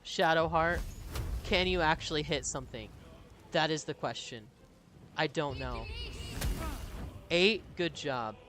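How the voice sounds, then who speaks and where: Chatty streamer guy, somewhat high voice. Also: measured pace, pauses often, pushed and bright, slight background noise. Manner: chatty, laughs often, reads viewer messages aloud. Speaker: game streamer. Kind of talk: casual live-stream chat over gameplay.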